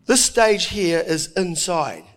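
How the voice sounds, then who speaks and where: A middle-aged man preaching a sermon, telling the story with lively acted-out voices and frequent chuckles. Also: sits high, slow, faint music behind. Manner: animated storytelling, acting out voices, chuckling often.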